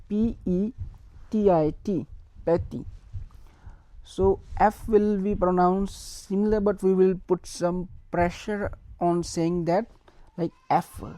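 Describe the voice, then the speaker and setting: A woman's voice: on the low side, dark tone, dry recording. A woman teaching a beginner language lesson, repeating each word and spelling it out letter by letter. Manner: slow, repeats words and spells them letter by letter.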